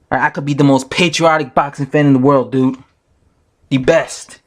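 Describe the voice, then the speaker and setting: A man's voice: medium pitch, steady tone, moderate pace, fairly bright tone. A man who makes boxing videos, telling a story to his camera as a casual, indignant rant full of repetition. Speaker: YouTube boxing commentator.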